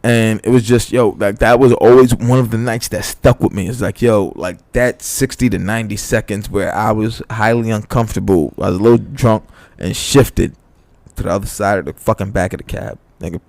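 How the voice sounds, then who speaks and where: With a creaky, lowish voice and a slightly fast pace, a young man tells a story on the podcast he co-hosts. He keeps the casual chat animated, swears freely, and acts out quotes in a raised voice, and there's no room sound.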